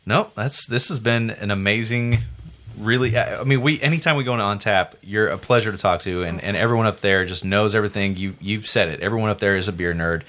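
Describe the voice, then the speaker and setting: A man's voice: on the low side, fast, fairly bright tone. A man co-hosting a podcast, rambling on with enthusiasm in casual chat. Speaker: podcast co-host.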